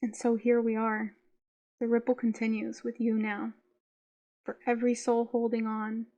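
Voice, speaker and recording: A woman reading her own audiobook in a gentle, heartfelt, unhurried way. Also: on the high side. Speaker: author narrating her own book. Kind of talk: audiobook narration.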